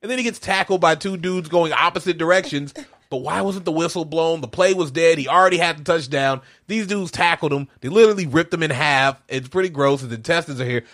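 A man's voice: on the high side, fairly quick, a bit bright. A man chatting casually about a movie, telling the story with acted-out quotes and frequent laughter. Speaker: co-host. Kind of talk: casual chat reacting to a movie.

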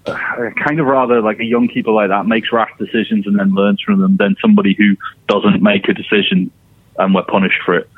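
A man's voice: on the low side, steady tone, a little fast, dry recording. An easygoing man chatting about football on a podcast, laughing along with his co-host. His voice comes through a tinny, phone-like line with a dead-dry sound. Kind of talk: casual football podcast chat.

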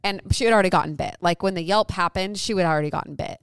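Chatty woman with a smooth low voice. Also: racing, no echo, studio quality. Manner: rambling storytelling with many likes. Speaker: podcast co-host. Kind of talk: casual chat.

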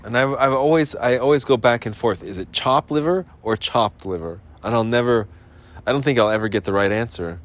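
A man hosting a solo podcast, rambling sarcastically about his day, clearing his throat and coughing now and then as he comes down with a cold. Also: mid-range voice. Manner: sarcastic, self-mocking, puts on quick voices for quotes. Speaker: podcast host.

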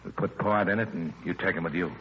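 An actor playing a tough, wanted gangster on the run, in clipped hardboiled 1940s radio acting. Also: male voice, low-pitched, fast talker, a bit bright, slightly rough. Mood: grim urgent. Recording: dull old radio recording with faint hiss.

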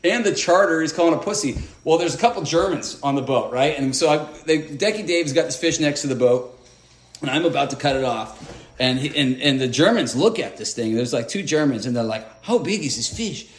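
An American man, a fishing deckhand, telling a story in casual podcast talk, animated and swearing, full of fillers and restarts. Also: fairly high pitch, a little fast. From United States. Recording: echoey room.

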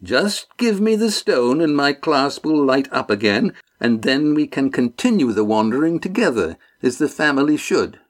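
A man's voice: mid-range voice, big pitch swings, moderate pace, few pauses, pitched above the performer's own voice, lightly acted. A man playing a menacing ship's villain. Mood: coaxing menace. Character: scheming villainous ship captain, grown man, volatile.

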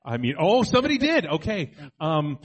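A man with a fairly high voice hosts a morning radio show. He steers the conversation and teases his cohosts. It is loose, casual banter. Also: very animated, moderate pace. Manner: leads the segment, teasing.

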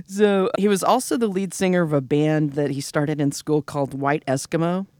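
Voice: mid-range voice, no room sound. Podcast host, chatty and giggly storyteller, sarcastic asides, dry close mic. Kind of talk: casual comedic storytelling chat.

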